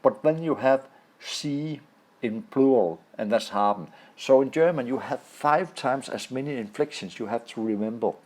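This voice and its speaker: A native Danish speaker from Denmark, this male language teacher talks through a lesson on slides with a Danish accent, often pausing to search for words. His voice sits in the mid range with a slightly dark tone.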